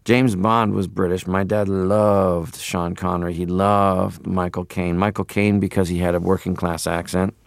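A man's voice: low-pitched, flat delivery, unhurried, gravelly, hardly any pauses, no room sound, studio quality. A man from Canada, a guest in an interview, talking casually and rambling with many fillers.

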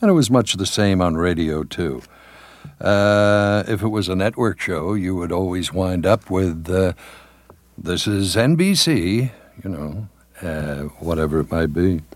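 An older man talks slowly in a low voice, pausing often with fillers and restarts. He is a veteran announcer looking back on his career, and the sound is close and dry. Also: no room sound. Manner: halting, many fillers and restarts, drops into announcer voice for quotes. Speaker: television announcer, guest. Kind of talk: reminiscing interview.

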